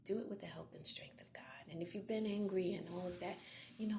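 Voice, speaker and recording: Lady podcast host, soft earnest near-whisper, gravelly low voice, little hiss behind her. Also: brisk. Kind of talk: encouraging devotional talk.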